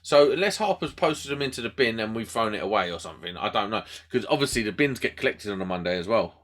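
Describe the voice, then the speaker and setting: A British man co-hosting a podcast, telling a story in casual chat and acting out the voices loudly. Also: fairly low pitch, fast talker. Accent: British English. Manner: animated storyteller, acts out quotes loudly. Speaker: podcast co-host.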